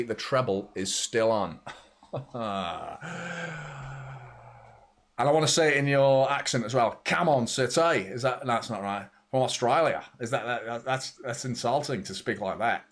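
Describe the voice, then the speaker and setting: A man hosting a live football watchalong, reacting excitably and swearing as the action unfolds. He talks to viewers in a loose, chatty way at an ordinary middle pitch. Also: unhurried. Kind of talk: live match watchalong commentary.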